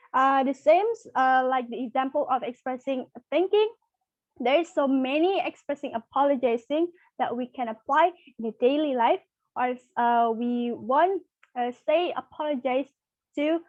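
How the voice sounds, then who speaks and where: A young woman teaching a practice lesson in a high voice, pausing often and filling gaps with fillers. She speaks slowly and keeps restarting her sentences. The sound is dull and dry. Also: no room sound. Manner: halting, many fillers and restarts. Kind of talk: microteaching English lesson.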